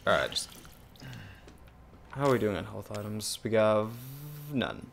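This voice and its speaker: A young man co-hosting a gaming channel, thinking out loud and swearing freely as he plays. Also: lowish voice, animated, a little slow, gravelly, slight background noise. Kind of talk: casual gameplay commentary.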